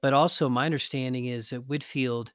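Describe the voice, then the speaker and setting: An engaged man hosting a conversation, affirming his guest and prompting with follow-up questions. His voice is at a middle pitch, recorded close with a dry, dead sound. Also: steady tone, brisk, fairly bright tone, clear, resonant tone, dry recording. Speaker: host. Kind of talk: interview conversation.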